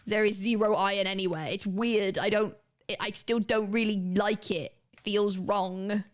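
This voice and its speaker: A woman's voice: medium pitch, fairly even intonation, moderate pace. A woman, chatting casually and rambling as she streams a game, swearing now and then. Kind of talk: casual gaming commentary.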